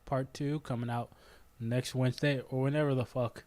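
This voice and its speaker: A man's voice: medium pitch, fairly even intonation, a little mellow. A man co-hosting a podcast, bantering and joking with frequent swearing. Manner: joking, profane, quick to laugh. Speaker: podcast co-host.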